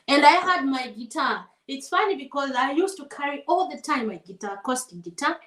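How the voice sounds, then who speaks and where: Lady singer chatting over a meal, high voice, laughs a lot, echoey room. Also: fairly quick. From Zambia. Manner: animated storyteller, laughs often, acts out voices. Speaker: guest singer. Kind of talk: casual storytelling conversation. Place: home setting over a shared meal.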